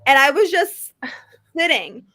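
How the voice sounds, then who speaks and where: A woman's voice: sits high, big pitch swings, slow, bright, forceful tone. A young woman chatting casually about a book, gushing and full of fillers like "like" and "y'all". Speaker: cohost.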